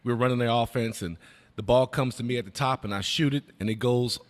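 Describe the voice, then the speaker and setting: A man on sports radio breaking down guards' play and telling lively stories from his playing days, acting out what coaches and teammates said. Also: mid-range voice, fast, in a large hall. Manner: animated storyteller who acts out quotes. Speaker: radio basketball analyst. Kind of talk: sports radio analysis and storytelling.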